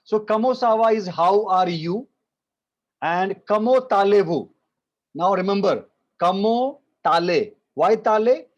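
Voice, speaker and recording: A man's voice: high-pitched, animated. Indian man teaching French over a video call. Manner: repeats phrases slowly for pronunciation, mixing English and Hindi. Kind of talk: online class teaching. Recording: muffled video call audio.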